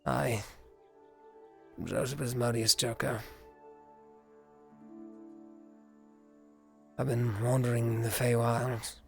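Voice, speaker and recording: A man's voice: medium pitch, little pitch movement, unhurried, creaky, darkish tone, faint music behind, voice pushed down. A man voicing a bitter, sarcastic young male magic student in a live roleplay, muttering with scorn and a put-on accent. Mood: scornful.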